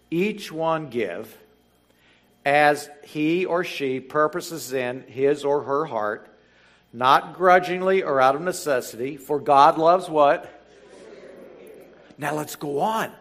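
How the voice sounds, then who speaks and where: A man preaching a sermon, reading scripture slowly and building to emphatic, animated exhortation. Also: fairly high pitch. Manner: reads scripture slowly and deliberately. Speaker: pastor.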